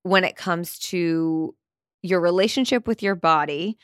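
A woman's voice: on the low side, unhurried, smooth, dry recording, clean studio sound. A woman hosting a podcast interview, talking in a loose, frank and chatty way. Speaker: podcast host. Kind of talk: casual interview chat.

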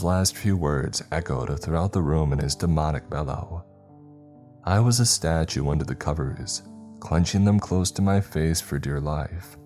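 A man narrating a scary story in a measured, dramatic scripted reading. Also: very deep voice, a little mellow. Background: faint music.

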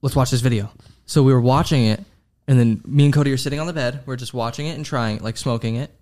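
A man's voice: medium pitch, fast, a little mellow. A young man who is a guest on a podcast, chatting casually and easily as he tells his side of a story.

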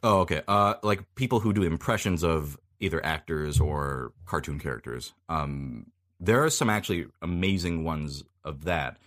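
Podcast guest, male voice actor, very low voice, unhurried and chatty. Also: fairly bright tone. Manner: laid-back, explains at length with many pauses. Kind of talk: casual podcast chat.

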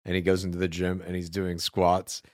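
A man co-hosting a comedy podcast, riffing in a laid-back, deadpan way. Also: deep voice, brisk, dry recording, clean studio sound. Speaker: podcast co-host. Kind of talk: casual comedic banter.

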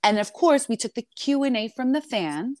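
A woman in her forties, a reality TV guest telling her side in an animated interview, emphatic and indignant with quick retorts. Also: a little high, no room sound, clean studio sound.

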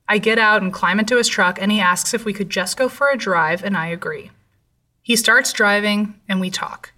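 Bright-voiced young woman narrating a story. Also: mid-range voice. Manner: steady, measured storytelling. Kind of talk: first-person story narration. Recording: voice slightly distant from mic.

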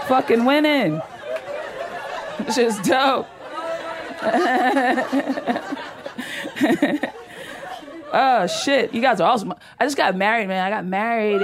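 A young woman doing a stand-up comedy set on a club stage, brash and profane, laughing through her punchlines into a handheld mic. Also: fairly high pitch.

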